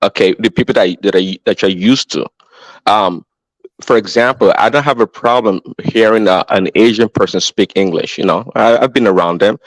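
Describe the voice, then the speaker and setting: A man speaking as a guest in a casual discussion, relaxed and hesitant, with many fillers. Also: on the low side, moderate pace, no room sound, low-quality recording. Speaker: panel guest.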